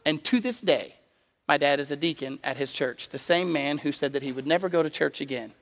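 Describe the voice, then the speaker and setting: A man's voice: a little high, fairly quick, gravelly, a bit bright, long reverb tail. A man preaching a sermon as a pastor, telling a personal story and building to emphatic appeals. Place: church sanctuary.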